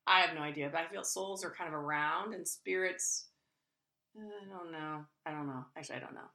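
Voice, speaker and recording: A woman's voice: deep voice, brisk, vocal fry, reverberant. A woman co-hosting a podcast in casual chat, telling stories animatedly and imitating bird calls. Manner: animated storyteller, imitates owl hoots. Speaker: podcast co-host.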